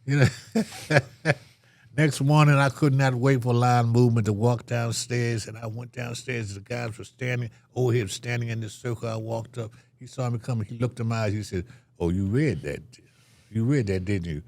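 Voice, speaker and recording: A man's voice: mid-range voice, level tone, moderate pace, darkish tone, no room sound. An older man telling a story as an interview guest, acting out the voices of the people in it.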